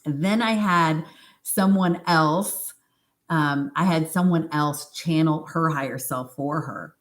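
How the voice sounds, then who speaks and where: A woman practitioner telling a story on a live stream and answering viewer comments in a chatty, informal way, with fillers and asides. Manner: animated retelling, acts out quoted speech in a higher voice. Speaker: hypnosis practitioner.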